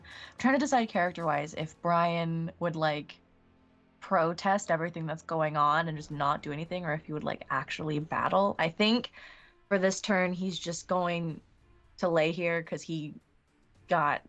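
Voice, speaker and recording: Low-voiced woman player weighing her turn. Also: a little slow, fairly bright tone, soft background music. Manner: deliberating, hesitant. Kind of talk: casual tabletop play.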